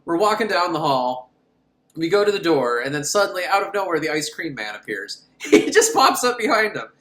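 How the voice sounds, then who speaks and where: A man's voice: on the high side, big pitch swings, a little fast, fairly bright tone, roomy sound. A man recapping a horror film in a sarcastic, rambling, mocking way. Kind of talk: comedic movie recap.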